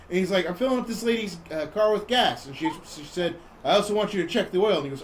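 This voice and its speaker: A man hosting a podcast, casually retelling a movie plot in a rambling, animated way and acting out the characters' lines. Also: high voice, fast talker, few pauses, a little hiss or hum. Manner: rambling, animated storyteller who acts out quotes. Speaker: podcast host.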